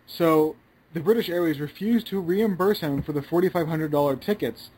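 A man's voice: fairly high pitch, moderate pace, a little mellow, slight background noise, poor audio. A man co-hosting a casual podcast, talking in a rambling, hesitant way. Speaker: podcast co-host. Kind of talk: casual chat.

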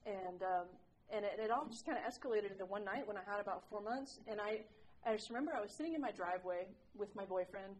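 A woman's voice: medium pitch, fast, slight background noise, poor audio. A woman sharing her recovery story with a group, candid and self-mocking, rambling with lots of "like"s. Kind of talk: personal recovery share to a group.

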